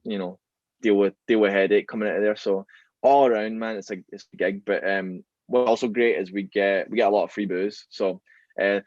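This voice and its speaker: A man's voice: fairly low pitch, steady tone, brisk, a little mellow, no echo, highs cut off. A man with a Glaswegian Scottish accent chatting casually as a podcast guest, rambling with lots of fillers and restarts. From Scotland. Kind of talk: casual chat.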